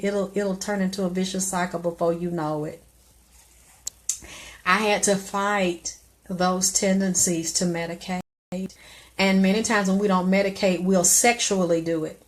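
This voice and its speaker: Blunt, profane woman streaming live advice. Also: lowish voice. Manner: blunt, profane, preachy, swings to loud exclamations.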